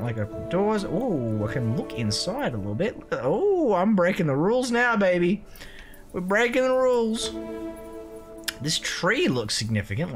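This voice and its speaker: Brief: crude, joking gameplay commentator, widely swinging pitch. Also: fairly bright tone. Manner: swearing, joking, talks to the game character. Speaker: let's play host.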